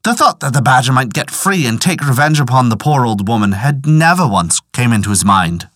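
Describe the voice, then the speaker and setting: A man narrating a folk tale in a measured, expressive way. His pitch rises and falls a great deal as he tells it. The voice sounds close and dry, with no room around it. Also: no echo. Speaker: storyteller.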